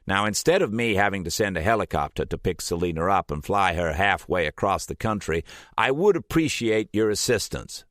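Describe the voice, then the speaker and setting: Narrator doing a commanding male professor, deep voice, urgent, audiobook. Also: animated, brisk, fairly bright tone, no room sound, studio quality. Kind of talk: audiobook character voice.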